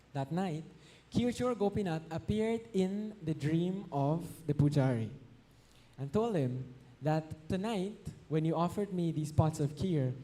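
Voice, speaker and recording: A man's voice: on the high side, dark tone. A man telling a devotional story in a sermon, acting out the voices of the people in it and now and then singing verses. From Guyana. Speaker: devotional speaker. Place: temple hall.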